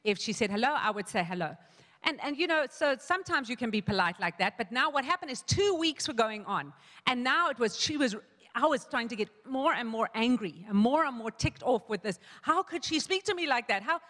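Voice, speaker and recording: A woman's voice: a little high, lively intonation, brisk, pushed and bright, long reverb tail. A woman pastor giving a sermon to a congregation, telling a personal story with frequent restarts and quoted asides. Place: church hall.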